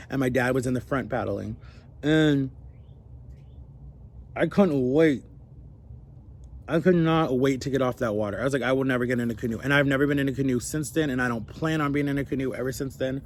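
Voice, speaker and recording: A young man telling a personal story in a rambling, animated way and acting out the other people's lines. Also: medium pitch, a little hiss or hum. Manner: rambling, animated, acts out quoted voices. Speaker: vlogger. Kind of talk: casual storytelling.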